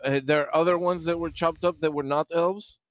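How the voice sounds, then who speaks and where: A man's voice: on the high side, fairly even intonation, a little fast, muffled recording. A man playing a tabletop game, questioning in character with persistent, stammering questions. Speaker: player.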